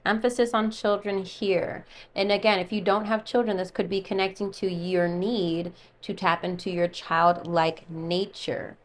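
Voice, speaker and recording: A woman's voice: medium pitch, steady tone, a little slow, hardly any pauses. A woman doing a casual tarot reading for her channel, musing aloud and chatting while she pulls cards. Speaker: tarot reader.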